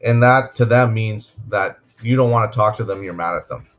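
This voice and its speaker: A man's voice: fairly low pitch, normal speed. A man in casual chat, explaining things loosely and laughing as he goes. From Canada. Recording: dull, lo-fi sound.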